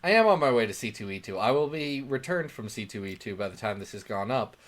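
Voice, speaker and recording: A man co-hosts a comics podcast, speaking fast at a medium pitch. The chat is casual, and he's animated, joking around and telling stories.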